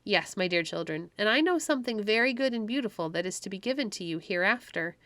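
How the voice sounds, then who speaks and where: A woman's voice: medium pitch, lively intonation, fast, fairly bright tone, dry recording, close to an everyday voice. A woman voicing a cheerful, tiny winged fairy with a sweet, coaxing manner in a storybook read-aloud. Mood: gentle.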